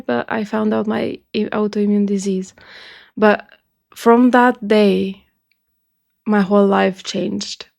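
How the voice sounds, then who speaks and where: A woman from Romania gives casual reaction commentary. Her voice sits at a middling pitch with a gravelly rasp. She speaks earnestly and emotionally, and she often repeats a phrase to stress it. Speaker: music reaction video host.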